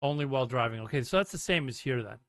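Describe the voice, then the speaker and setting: A man's voice: mid-range voice, lively intonation, fast talker, a bit bright, no echo. A man hosting a livestream, rambling casually and reading chat messages aloud and answering them. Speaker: livestream host. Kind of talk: casual live commentary.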